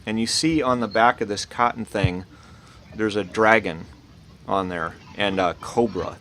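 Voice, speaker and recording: A man narrating as dungeon master, explaining rules in a relaxed, rambling way with many fillers. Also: lowish voice, measured pace, rough recording. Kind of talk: narrating a tabletop game. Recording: loud background noise.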